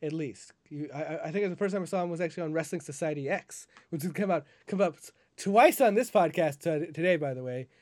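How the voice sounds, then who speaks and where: A man with a fairly high voice co-hosts a casual wrestling podcast, stumbling through profane, rambling rants. His voice sounds dry and close, with no room around it. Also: fast, hardly any pauses, darkish tone, no echo. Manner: rambling profane rant with many restarts.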